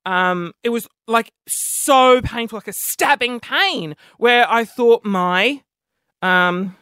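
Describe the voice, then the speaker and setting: Speaking slowly in a very high voice, this podcast host sounds bright, forceful, clear and resonant. He chats casually through self-mocking comic stories, swearing freely, and the clean studio recording has no echo.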